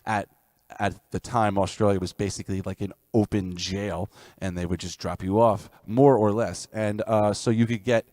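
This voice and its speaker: A man's voice: on the low side, fairly even intonation, normal speed, no room sound, studio quality. A man live streaming music, chatting casually and rambling between songs. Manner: chatty, rambling asides, sings folk songs loudly.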